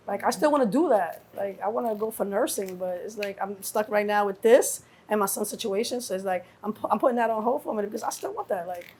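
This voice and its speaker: A middle-aged woman from New York, a guest telling stories in a casual interview, acting out quotes with lively swearing. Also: mid-range voice, quick pace, breathy edge. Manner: animated storyteller acting out quotes, heavy cursing. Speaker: guest, mother of a rapper.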